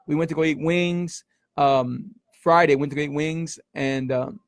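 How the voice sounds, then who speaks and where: This middle-aged keto coach hosts a casual livestream in a fairly high, steady voice, speaking unhurriedly. He's emphatic and repeats himself, tossing in "man" and "y'all" a lot. The studio sound is clean with no echo.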